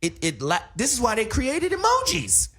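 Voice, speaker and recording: A man's voice: very high-pitched, wildly swooping pitch, moderate pace, a bit bright, husky. A middle-aged man hosting a casual panel chat, lecturing with emphasis and laughing at his own points. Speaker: host.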